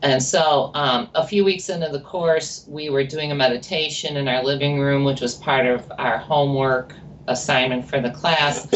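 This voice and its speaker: Low-voiced woman telling a story from afar. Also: steady tone, normal speed. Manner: chatty, rambling, with many asides. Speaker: guest. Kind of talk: casual storytelling interview. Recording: distant mic with faint noise.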